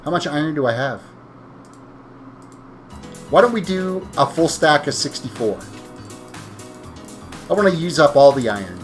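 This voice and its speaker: With faint music behind him, a fairly high-pitched man speaks animatedly but a little slowly, leaving long pauses. He's a tired live streamer giving casual game commentary, rambling to viewers and correcting himself while playing.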